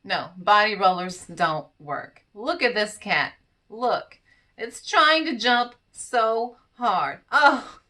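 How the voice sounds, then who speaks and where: A woman's voice: mid-range voice, expressive, takes it slowly, bright, forceful tone. A tired woman vlogger in casual commentary, playfully teasing and talking straight to the cats in the pictures.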